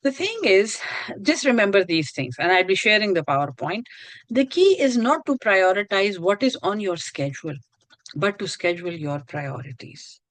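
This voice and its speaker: A woman's voice: medium pitch, sing-song, normal speed, dry recording, poor audio. A woman teaching an online course, talking earnestly and often restarting her phrases. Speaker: course instructor. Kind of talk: online lecture.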